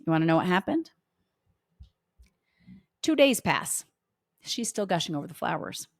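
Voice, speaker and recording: A middle-aged woman with a fairly low voice, recorded close and dry. She talks casually to her listeners as a podcast host. She tells family anecdotes in a chatty way and slips into the voices of the people in them. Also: sing-song, normal speed, vocal fry, no room sound. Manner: chatty storyteller who acts out family dialogue.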